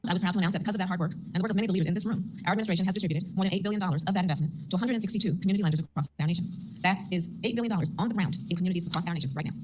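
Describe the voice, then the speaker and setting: A woman's voice: lowish voice, rapid-fire, a little mellow, slight background noise, low-quality recording. A woman giving a formal prepared speech at a public event.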